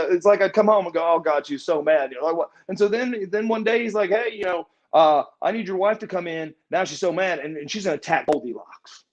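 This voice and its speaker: A guest on a casual shoot interview, this middle-aged former pro wrestler has a voice that sits high. He tells a rambling story, repeating and restarting words and acting out what others said. The audio is muffled and lo-fi.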